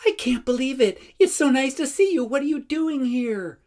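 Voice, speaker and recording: A man voicing an excited young woman violist greeting an old friend with gushing delight. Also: high-pitched, moderate pace, voice pushed up. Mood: overjoyed.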